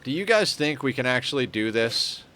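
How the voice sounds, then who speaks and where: A man's voice: medium pitch, very animated, moderate pace, pushed and bright. A man casually commenting on his game as he plays, chatting with viewers and thinking aloud. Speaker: streamer.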